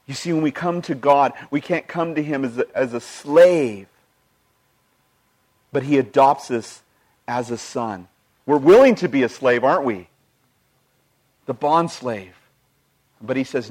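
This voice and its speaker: An earnest male pastor delivering a sermon at a mid-range pitch. He reads scripture aloud and tells stories from his own life. His delivery swings between emphatic passages and quiet, hushed ones. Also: expressive, measured pace, pauses often. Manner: quotes scripture and retells personal stories.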